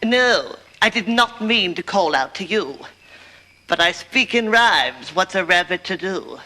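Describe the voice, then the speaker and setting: Nervous rabbit servant, stammering, polite, lively pitch, music underneath. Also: unhurried. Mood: fretful. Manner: flustered, stammering and overly polite, speaking in rhymes. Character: anxious, fretful rabbit servant. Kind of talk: 1990s children's TV musical comedy.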